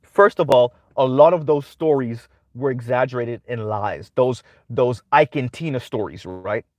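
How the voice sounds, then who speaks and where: A man's voice: medium pitch, a little slow, a little mellow, dry recording. Guy hosting his own commentary channel, chatty monologue, always going "right?", dry close sound. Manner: conversational, repeats "right?" often.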